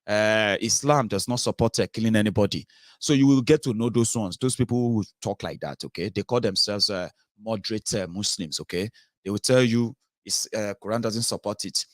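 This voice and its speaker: A Nigerian-accented man delivers a fervent commentary monologue in a low-pitched voice. He is emphatic and leans on rhetorical questions, with frequent filler sounds between points. The recording is dry, with no room echo. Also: brisk. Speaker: political commentary host.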